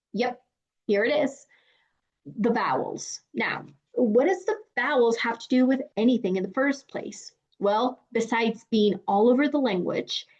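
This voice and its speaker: A young woman with a Mexican Spanish accent teaching a lesson, speaking clearly and deliberately and drawing out her example phrases. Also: a little high. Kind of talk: explanatory lesson. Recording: dull lo-fi sound.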